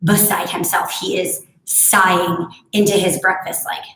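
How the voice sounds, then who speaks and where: Bright-voiced woman leading a barre class. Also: lowish voice, level tone, measured pace, reverberant, low-quality recording. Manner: chatty, storytelling between exercise cues. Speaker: barre instructor. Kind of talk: live home workout class cueing.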